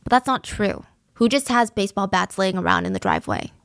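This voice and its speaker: A woman hosting a true crime podcast, telling a case in a casual, conversational way with lively asides. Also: medium pitch, brisk, no room sound, studio quality. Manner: conversational, animated asides, raises voice for quoted lines. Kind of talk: casual storytelling narration.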